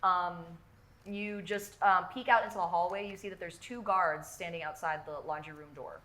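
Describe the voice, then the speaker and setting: A woman's voice: lowish voice, steady tone, normal speed, bright, forceful tone. A woman narrating a tabletop game as game master, chatty and full of filler words. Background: music.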